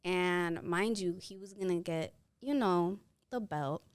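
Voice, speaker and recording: This podcast guest, a woman in her twenties, has a fairly low, clear and resonant voice and talks slowly into a close mic with no echo. Her casual storytelling is animated, and she performs the people who appear in her tales.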